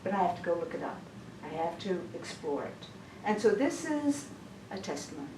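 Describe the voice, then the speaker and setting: A woman's voice: lowish voice, sing-song, a little fast. A woman giving a casual testimony at a church women's session, chatty and full of restarts. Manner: chatty, stumbling restarts, laughs often. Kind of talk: informal testimony talk. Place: church hall. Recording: echoey room, mic far off, noisy.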